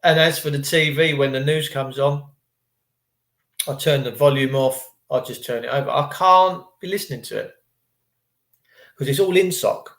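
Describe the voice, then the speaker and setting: A man's voice: mid-range voice, normal speed, long pauses, fairly bright tone. A man vlogging a rambling, preachy spiritual monologue to his viewers in casual slang. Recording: echoey room.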